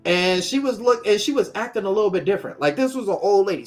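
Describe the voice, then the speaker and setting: A man's voice: high-pitched, quick pace, faint music behind. A man co-hosting a casual show, telling a long game story with lots of acted-out quotes and laughter. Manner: animated storyteller, acts out quoted characters, laughs often. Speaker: podcast co-host. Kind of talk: casual chat.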